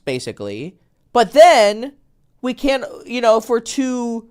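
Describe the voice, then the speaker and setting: Lively, animated man coaching on dating. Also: very high voice, slow pace, clear, resonant tone. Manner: animated storytelling, acts out quoted texts; blunt, swears casually. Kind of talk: casual podcast conversation.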